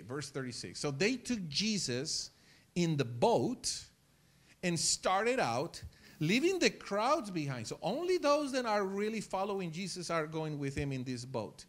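A male pastor preaching a sermon in church, telling stories with lively acted-out scenes and repeating words as he gets excited. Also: fairly high pitch, measured pace. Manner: animated storytelling, acts out scenes.

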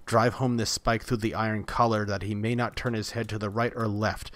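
A man reading aloud voices a fierce, pitiless male god who taunts and barks commands in a raised, forceful voice. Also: fairly low pitch, little pitch movement, brisk, lightly acted. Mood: impatient.

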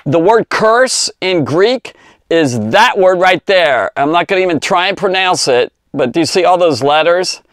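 A man teaching a Bible story to kids in a rambling, conversational way, full of fillers and asides, slowing down to stress key words. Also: sits high, lively intonation, a bit bright, dry recording, clean studio sound. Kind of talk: informal Bible lesson for children.

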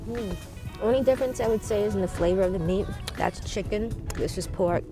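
A woman's voice: mid-range voice, fairly quick. Upbeat woman reviewing food, music behind. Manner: upbeat, easygoing, descriptive. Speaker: food vlogger.

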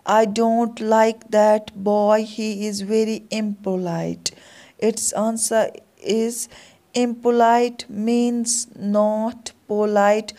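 A woman teacher slowly and patiently explaining English vocabulary exercises word by word. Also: medium pitch, warm tone.

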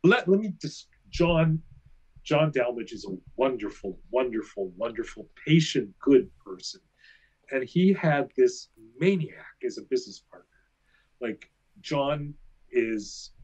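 A man telling animated, self-mocking anecdotes as a guest in a casual interview. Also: medium pitch, husky.

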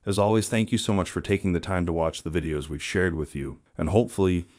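A man narrating a scripted storytelling video as the channel's host, in a steady, even read. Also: low voice, fast, no echo, clean studio sound.

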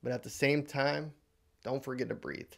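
A man vlogger tells a motivational story with animated, dramatic delivery. His voice sits at a mid male pitch. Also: moderate pace, gravelly.

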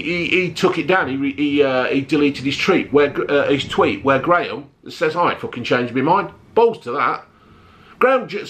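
A middle-aged man, ranting bluntly to camera in a vlog, swearing heavily and flaring up loudly. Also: mid-range voice. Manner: blunt, heavy swearing, rising to shouty outbursts. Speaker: vlogger.

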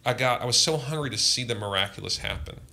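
A pastor shares earnest personal testimony during a podcast conversation, telling his story with passion. His medium-pitched voice moves at a quick pace, bright and forceful, with some vocal fry.

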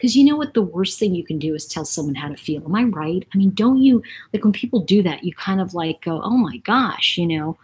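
A woman talks to her livestream audience in a loose, rambling way and reads out viewer comments as she goes. Her voice sits a little low and has a husky, breathy grain, and she laughs easily between stories. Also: expressive, brisk, few pauses, darkish tone, rough recording. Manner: chatty, rambling, laughs often. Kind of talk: casual live-stream chat.

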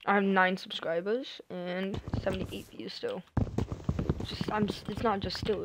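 A young woman chatting casually to herself and her viewers while streaming a game, thinking out loud. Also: medium pitch, fairly even intonation, measured pace, noisy background. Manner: chatty, thinks aloud, self-talk with little sing-song bits. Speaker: gamer streaming live.

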